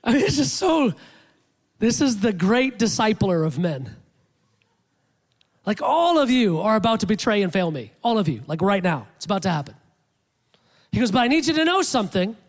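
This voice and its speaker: A man preaching a sermon in a lively, animated way, acting out quotes with rising pitch. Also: normal speed, long pauses. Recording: long hall reverb.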